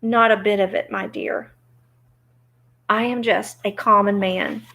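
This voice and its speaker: A woman's voice: medium pitch, steady tone, measured pace, vocal fry, bright, forceful tone. A woman voicing a timid little old man who has posed as a great wizard, speaking meekly and shakily. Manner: trembling, meek.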